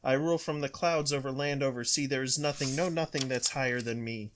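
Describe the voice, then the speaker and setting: A man voicing a bossy, boastful turtle king who barks his commands loudly in a storybook reading. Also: medium pitch, steady tone, brisk, noisy background, close to an everyday voice. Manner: loud, barking commands.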